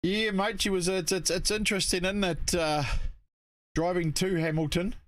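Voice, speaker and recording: A man's voice: high voice, fairly even intonation, moderate pace, no room sound, studio quality. A man with a New Zealand accent co-hosting a casual talk show, easygoing and upbeat, with mild swearing. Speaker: co-host. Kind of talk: casual podcast chat.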